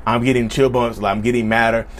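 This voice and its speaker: A man talking quickly in a casual vlog, relaying a personal story. He is chatty and repetitive and keeps calling out to his viewers. His voice sits at a middling pitch, with a faint hiss behind it. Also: flat delivery. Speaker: vlogger.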